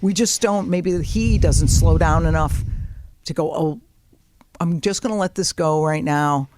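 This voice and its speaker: A woman's voice: sits low, background noise. Brash, swearing woman podcast host. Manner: brash, profane and quick to laugh. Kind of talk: casual comedic chat.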